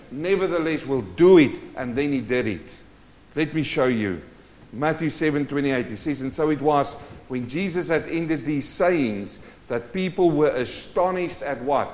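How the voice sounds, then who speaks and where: Preacher with hall reverb. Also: male voice, on the high side. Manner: swings from loud urgent bursts to hushed intimate tones. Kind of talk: sermon.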